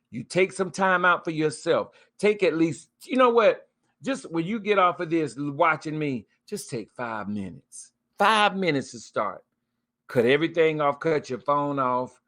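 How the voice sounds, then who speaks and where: A man hosting a live spiritual talk, speaking casually and preaching about fear, with scripture quotes and soft laughs. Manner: pitch swings up and down a lot on emphasis. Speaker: host of a spiritual talk stream. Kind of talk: casual spoken encouragement. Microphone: webcam or phone mic, live stream.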